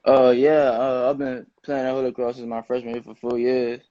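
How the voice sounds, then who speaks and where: A young man in his late teens, a high school football player, answering interview questions in a relaxed, slangy way. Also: normal speed, dry recording. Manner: relaxed, loose slangy phrasing with many "you know"s. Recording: dull, muffled dry sound.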